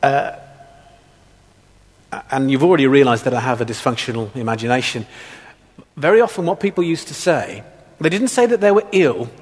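A man's voice: medium pitch, animated, moderate pace, pauses often, breathy edge, big-room sound. A man preaching a sermon, mixing scripture with humorous childhood stories. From England, Black Country.

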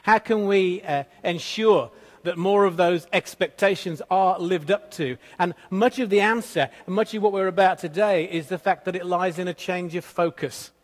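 A man giving a conversational sermon, telling stories with gentle humor. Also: high voice, moderate pace. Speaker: pastor. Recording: long reverb of a church hall.

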